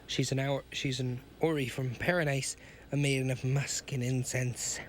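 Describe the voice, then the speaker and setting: A man's voice: mid-range voice, flat delivery, moderate pace, a little hiss or hum, lightly acted. A man voicing a sinister hunchbacked male mad scientist in a read-aloud pulp story, with a grandiose, ranting manner. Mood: coaxing.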